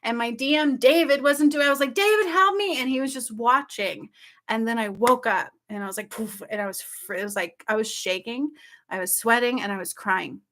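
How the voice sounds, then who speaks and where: A woman telling her viewers about a dream in casual, excited speech, often checking in with "okay?" and "like". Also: fairly high pitch, a little fast. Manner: excited, breathless storytelling with frequent "like" and "okay?". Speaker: spiritual channel host.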